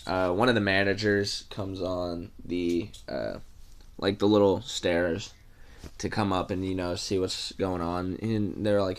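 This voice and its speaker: A man's voice: low voice, steady tone, normal speed. A young man telling a casual storytime, rambling through fillers and casual swearing.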